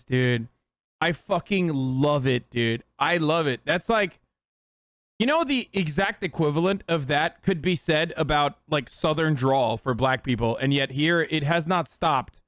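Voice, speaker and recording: A man hosting a stream, reacting to a video in casual, excitable, profane commentary. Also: a little high, measured pace, no room sound, clean studio sound. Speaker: streamer host.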